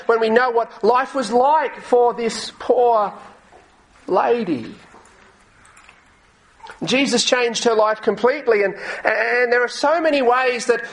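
A man's voice: very high voice, a bit bright, low-quality recording. A male pastor preaching a sermon earnestly, often repeating words as he goes and reading scripture aloud. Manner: reads scripture aloud in old English wording.

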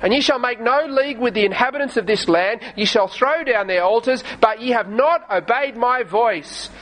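Male preacher, high voice, earnest sermon, slow scripture reading. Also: fairly bright tone, poor audio. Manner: reads scripture in archaic wording, slows for emphasis.

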